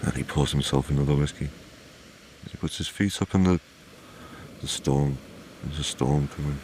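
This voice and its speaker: Very deep-voiced storyteller. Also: male voice, a little mellow, slight background noise. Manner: leisurely, repeating phrases, conversational asides. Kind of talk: oral folk-tale storytelling.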